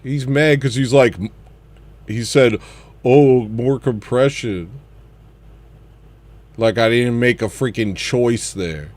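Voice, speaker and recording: A man's voice: medium pitch, a little slow. A man hosting a casual livestream, chatting about his music in a rambling way that trails off and circles back. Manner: rambling, trails off and restarts thoughts.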